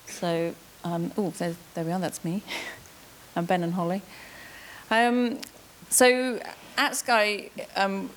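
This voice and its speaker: A woman's voice: mid-range voice, steady tone, slow pace, slight background noise. A woman, a TV executive, giving a presentation on a conference panel, friendly and full of ums.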